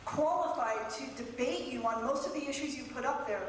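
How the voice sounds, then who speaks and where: A woman's voice: high voice, normal speed, slight background noise. A woman, a postdoctoral biologist, firmly challenging a speaker during an audience question, heard from a distance in a large lecture hall. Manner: assertive, challenging, speaks in long explanations. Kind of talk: live audience question at a debate. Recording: echoey lecture hall from far off.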